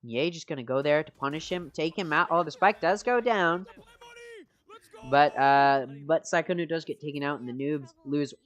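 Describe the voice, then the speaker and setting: Man, esports caster, steady play-by-play, lifts energy on big plays. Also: fairly high pitch, normal speed, highs cut off. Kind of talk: play-by-play commentary.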